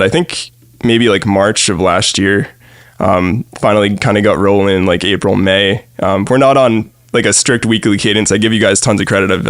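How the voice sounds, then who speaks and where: A man's voice: fairly low pitch, no echo, clean studio sound. A young man from New chatting casually as a podcast guest, rambling with plenty of fillers and easy laughs. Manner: relaxed, rambling with many fillers and frequent laughs. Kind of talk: casual chat.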